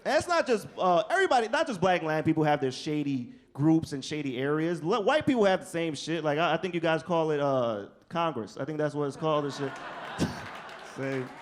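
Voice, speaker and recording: On a comedy club stage, a New Yorker performs a casual, profane stand-up set, telling stories with energy and animation. His voice is fairly high and his pace fairly quick.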